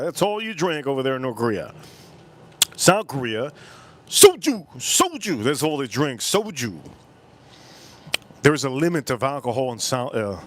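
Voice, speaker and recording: A man's voice: medium pitch, a bit bright. Rambling man bantering with his live chat. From United States. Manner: drinking on stream between lines. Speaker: livestream host. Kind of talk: casual livestream chat.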